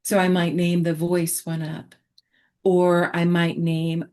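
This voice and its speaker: A woman therapist explaining her approach in a relaxed online teaching chat, talking reflectively with many fillers and restarts. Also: lowish voice, slow. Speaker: therapist presenter.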